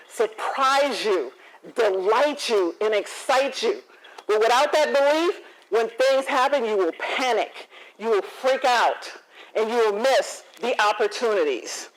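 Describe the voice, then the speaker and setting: Woman confidence coach, keynote storyteller, lively and expressive. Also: on the high side, a little slow, low-quality recording. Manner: animated, acts out dialogue, laughs often. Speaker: motivational speaker and confidence coach.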